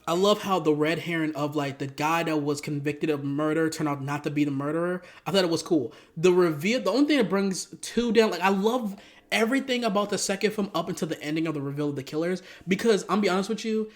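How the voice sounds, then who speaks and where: Young male reviewer, slangy and loose, fairly high voice, spikes up in disbelief. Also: a little fast. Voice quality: profane, animated, slangy, jumps to high-pitched outbursts. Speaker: YouTube movie reviewer. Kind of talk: casual rambling review.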